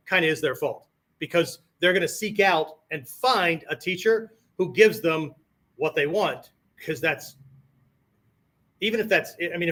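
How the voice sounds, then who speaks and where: A man teaches martial arts in a loose lecture style, and his voice sits a little above the usual male pitch. He keeps asking "right?" and "okay?" as he talks and now and then acts out different tones of voice. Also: fairly bright tone. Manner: conversational, peppers sentences with "right?" and "okay?"; demonstrates tones of voice on quoted phrases.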